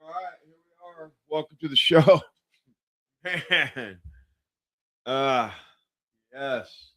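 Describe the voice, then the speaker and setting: A man's voice: medium pitch, extremely slow, bright, forceful tone. A man hosting a casual political livestream, rambling with lots of fillers and restarts. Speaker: livestream show host. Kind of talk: casual political talk show.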